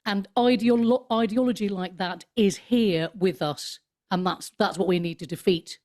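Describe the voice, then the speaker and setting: Brief: woman in her fifties, podcast guest on a video call, lively delivery with mocking asides. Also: mid-range voice, normal speed. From United Kingdom. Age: 50s. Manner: animated, switches into mocking put-on voices. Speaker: podcast guest, comedian and author. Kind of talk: casual conversation.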